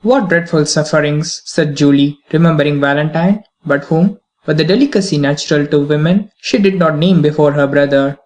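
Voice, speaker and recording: An audiobook reader narrating a classic novel in a calm, measured reading. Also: mid-range voice.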